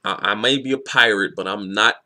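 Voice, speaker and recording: A man's voice: lowish voice, brisk, sharp tone. A man voicing a defiant young male pirate in a casual, blunt way while retelling a comic.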